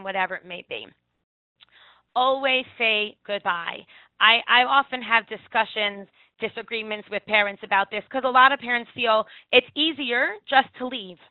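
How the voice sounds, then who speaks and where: A woman with a fairly high voice giving earnest advice as an early childhood educator. She comes through a thin, phone-like line. The sound is dry and close, and she restarts a phrase here and there. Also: no echo. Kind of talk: instructive talk with anecdotes.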